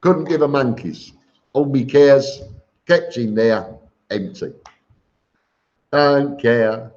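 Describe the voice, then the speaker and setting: Cockney man, middle-aged, slow unhurried talk, blunt live-stream chat, dull lo-fi audio. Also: medium pitch, darkish tone. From England. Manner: blunt, plain-spoken, with many ums and repeated words. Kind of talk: casual live-stream chat reading viewer comments.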